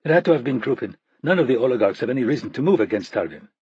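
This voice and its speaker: A man voicing a composed woman CIA director, speaking calmly and evenly in a husky voice. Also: medium pitch, no echo, dull audio. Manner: calm, measured.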